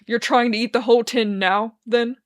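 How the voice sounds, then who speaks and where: A woman's voice: on the high side, moderate pace, no echo, close to an everyday voice. Woman voicing a dry, skeptical young man. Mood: teasing. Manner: dry, wry, deadpan teasing.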